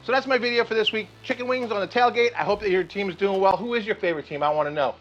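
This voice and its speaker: A man's voice: high-pitched, fast, lo-fi sound, noisy background. A man hosting his cooking vlog outdoors at a grill, chatty and enthusiastic, often checking in with "okay". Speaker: cooking show host. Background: rain and light music.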